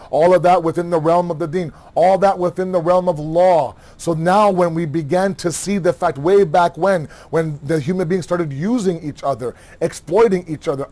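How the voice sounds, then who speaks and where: A man giving a religious lecture, animated, asking rhetorical questions and acting out everyday dialogue. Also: on the high side. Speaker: Muharram lecturer.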